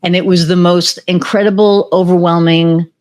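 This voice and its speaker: On a podcast, a woman with a lowish voice tells a personal story at a normal pace, animatedly acting out remembered conversations. Her casual storytelling interview is full of fillers and restarts.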